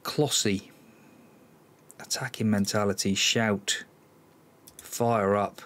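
A man's voice: on the low side, steady tone, slow pace, fairly bright tone. A man hosting a football management let's-play, commenting live on the match, exasperated and sighing, talking to his players. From Cornwall, England.

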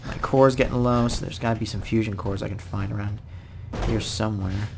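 A man giving casual let's-play commentary, excitable, swinging from mumbling to loud outbursts. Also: on the low side, fairly quick, gravelly, noisy background. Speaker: gaming YouTuber.

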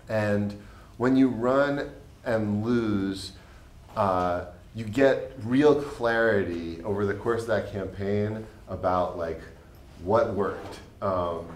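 Rambling young man in an echoey hall. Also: fairly low pitch. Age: late 20s. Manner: earnest, rambling with many fillers. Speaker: state legislator. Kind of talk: panel discussion answer. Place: public panel event room. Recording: echoey room, faint background noise.

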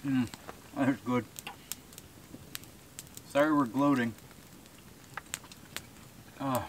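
Out in the woods, a man from rural New Brunswick who runs a bushcraft channel talks very slowly to the camera in a mid-range, fairly even voice. He rambles casually with fillers and chuckles, and the camera-mounted shotgun mic picks up a little hiss or hum.

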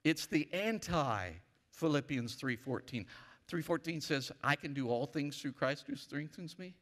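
A man's voice: fairly high pitch, animated, measured pace, fairly bright tone. A man pastor preaching a sermon emphatically, leading his church in call-and-response. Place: church sanctuary. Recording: long reverb of a church hall.

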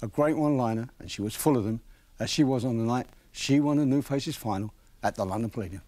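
A man's voice: medium pitch, fast, a little mellow. A man, a TV talent show presenter, telling a fond anecdote in a spoken tribute and acting out quoted dialogue.

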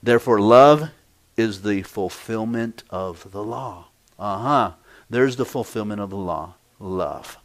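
A male pastor preaching a sermon, emphatic, swinging between hushed, slow stretches and loud, raised passages. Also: fairly low pitch. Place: church.

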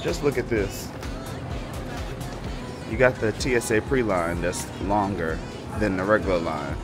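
A man talks slowly and easily to his viewers from an airport security line, dropping a friendly y'all. His voice sits a little low. Loud music plays behind him. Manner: relaxed, chatty, says y'all. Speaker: vlog host. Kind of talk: casual vlog sign-off.

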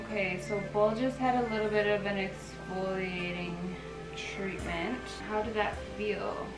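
Young woman yakking away, like like like, kinda far from the mic in a roomy echoey space, soft music under it. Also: medium pitch, fairly even intonation, a little slow. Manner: chatty, fillers of "like". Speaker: vlog host giving a facial. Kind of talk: casual chat.

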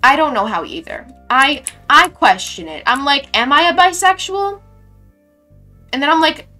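A young woman streaming a game, chatting casually and reading her chat aloud with sudden excited squeals. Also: high voice, normal speed, soft background music.

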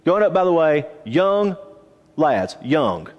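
A man teaching a Bible class in a church auditorium, lively and questioning his listeners. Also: a little high, takes it slowly, dull audio. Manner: animated, asks the class questions. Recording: long reverb of a church auditorium.

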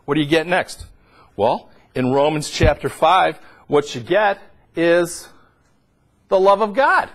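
A middle-aged man preaching a sermon, swinging between loud, high emphatic peaks and low, quiet asides. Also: lively intonation, slow, pauses often.

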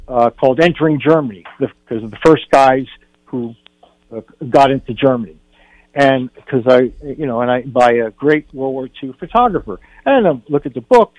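A man's voice: medium pitch, dry recording. An older man, a film director guest on a radio show, telling a personal story in an earnest way, often restarting his sentences. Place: radio studio. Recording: dull radio broadcast.

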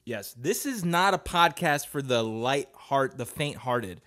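A man hosting a casual solo podcast, rambling, swearing a lot and breaking into sudden loud outbursts. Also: mid-range voice, expressive, a little slow, few pauses. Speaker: podcast host.

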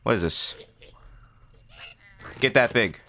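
A man giving excitable let's-play commentary, talking to himself and shouting at the game. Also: medium pitch, takes it slowly, slight background noise. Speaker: gamer.

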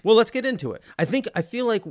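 A man's voice: sits high, fast. A man co-hosting a podcast, talking casually about a film with enthusiasm and frequent laughter. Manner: enthusiastic, laughs often, animated mimicry. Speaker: podcast co-host.

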